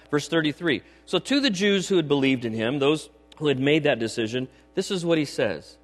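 A man's voice: on the high side, animated, brisk, few pauses. A middle-aged man preaching a sermon in a church, emphatic and conversational, often checking in with the congregation. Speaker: pastor. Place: church sanctuary. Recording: long hall reverb with mains hum.

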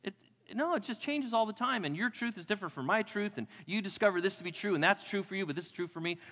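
A male pastor preaching a sermon in a church with emphatic delivery, repeating key phrases and dropping to a hush for weight. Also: sits high, animated, quick pace. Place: church sanctuary. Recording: long hall reverb.

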